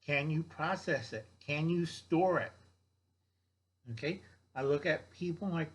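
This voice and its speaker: A man's voice: fairly high pitch, unhurried, long pauses. Older man, blunt rambling survival lecture, slightly raised voice, keeps asking okay. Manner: blunt, lecturing, repeats "okay?" and mocks others in put-on voices. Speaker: survival vlogger. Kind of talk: rambling instructional monologue.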